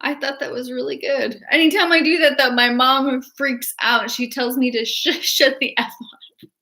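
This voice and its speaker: A young woman chatting excitedly in a casual livestream, rambling with restarts and laughter. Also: high voice, moderate pace. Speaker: artist and horror-fan vlogger.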